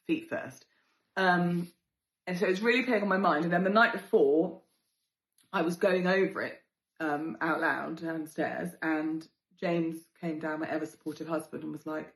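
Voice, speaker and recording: A British woman hosting a podcast, telling a story in a chatty, expressive way, swearing freely and jumping into exaggerated voices for the people she quotes. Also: fairly low pitch, echoey room. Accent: British English. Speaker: podcast host. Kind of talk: casual storytelling.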